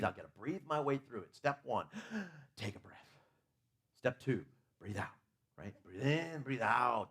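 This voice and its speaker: A man's voice: medium pitch, lively intonation, measured pace, fairly bright tone, breathy edge. A man preaching a conversational sermon in a church, asking his listeners questions and talking openly about his own faults.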